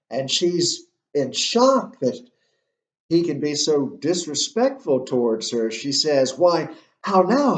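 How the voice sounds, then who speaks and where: Slow, deliberate male literature instructor. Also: medium pitch. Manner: slow, deliberate explaining with many uhs. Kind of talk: recorded literature lecture. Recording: roomy, muffled lo-fi recording.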